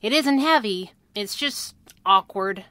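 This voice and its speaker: A woman's voice: medium pitch, expressive, slow pace, pushed and bright, no echo. A woman voicing a fierce, bossy young girl detective who talks bluntly and scolds.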